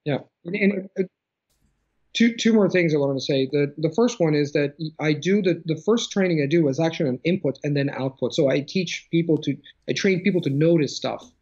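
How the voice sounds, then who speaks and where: Over a muffled video call, a language coach explains his ideas in an interview, using plenty of examples and restarting often. His voice is on the high side, husky and a little mellow, and he speaks briskly.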